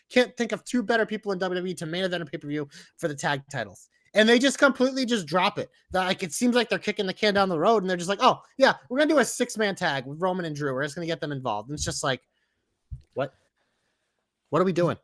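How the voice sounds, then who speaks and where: Podcast co-host, male, animated swearing rant, dead-dry close mic. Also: high voice, no echo. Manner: animated ranting, swears freely. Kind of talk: casual wrestling chat.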